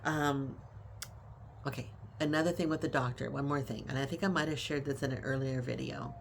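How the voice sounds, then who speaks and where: A woman's voice: extremely low pitch, fairly even intonation, fairly quick, creaky, a little hiss or hum. A middle-aged woman who cares for her mother tells her story in a casual vlog, with emphatic, conversational retelling. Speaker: family caregiver.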